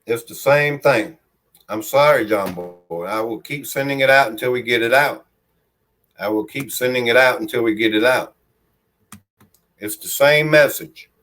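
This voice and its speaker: Holding his phone as he livestreams from home, a man with a medium-pitched, a bit bright voice and a Southern country accent reads viewer comments aloud at normal speed. He is friendly and rambling, calling himself by his nickname in the third person.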